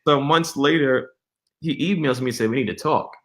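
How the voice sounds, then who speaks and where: A man's voice: medium pitch, normal speed. A young man, a church musician, telling a story in a casual interview, acting out the dialogue with laughs. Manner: animated storyteller, acts out quoted dialogue with laughs.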